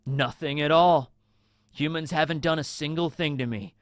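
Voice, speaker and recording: A man voicing a hateful fishman villain who answers flatly and with contempt, in a casual fan retelling. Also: fairly high pitch, moderate pace, no room sound, close to an everyday voice. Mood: cold. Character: cold hateful fishman villain, adult male.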